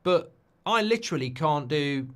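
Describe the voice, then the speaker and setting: A man hosting a live stream in a lively voice that swings up and down a lot, talking in a casual, opinionated way. He keeps throwing in tag questions and slides into heated rants. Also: on the high side, normal speed. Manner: chatty and opinionated, full of tag questions like "haven't they?"; gets heated and ranty when making a point. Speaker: host of a live football watchalong stream. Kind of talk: casual live-stream chat reacting to viewer messages.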